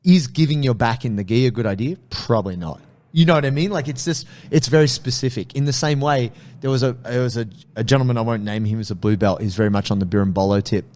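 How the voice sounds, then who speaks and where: A man hosting a casual jiu-jitsu podcast chat, telling stories in an animated way and swearing freely. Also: medium pitch, fast talker. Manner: animated storyteller, swears casually, acts out quotes.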